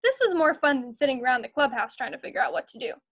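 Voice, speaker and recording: A woman's voice: high-pitched, animated, fast talker, a bit bright. A woman voicing an eager young girl bear scout in a storybook read-aloud.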